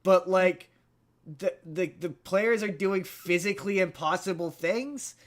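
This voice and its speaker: A man's voice: high-pitched, a little slow. A man co-hosting a podcast in casual chat, retelling a movie plot in a rambling way with many restarts. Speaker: podcast co-host.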